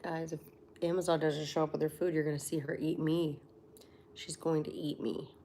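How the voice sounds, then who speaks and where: 40s woman rambling on her livestream, lots of "like", gravelly voice. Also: low voice, little pitch movement, moderate pace, mellow, slight background noise. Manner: chatty, filler-heavy with many "like"s. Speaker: livestream host. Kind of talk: casual livestream chat with viewers.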